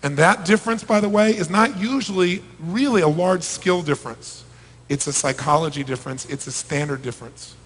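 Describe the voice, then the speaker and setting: A middle-aged motivational speaker addresses a large live audience, his voice pitched rather high for a man. He works the crowd with rhetorical questions, swinging between loud pushes and quiet stretches. The sound rings out through a large reverberant event hall. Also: a little fast, slightly rough. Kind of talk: live seminar talk to a big audience.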